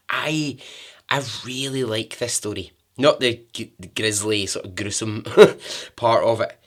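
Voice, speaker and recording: A man's voice: lowish voice, fairly bright tone. A man hosting a podcast, talking in a friendly, rambling way, laughing often and drifting into asides. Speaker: podcast host. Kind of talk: casual podcast chat.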